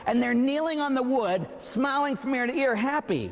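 A man, a priest, telling a story during a sermon in a lively, emphatic way. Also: very high-pitched, moderate pace, long reverb tail, highs cut off. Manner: animated storytelling, emphatic preaching. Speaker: Catholic priest.

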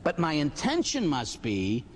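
A man who is a Catholic priest, giving an animated sermon with rhetorical questions and little stories. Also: on the high side, a little slow, slight background noise. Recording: hall reverb.

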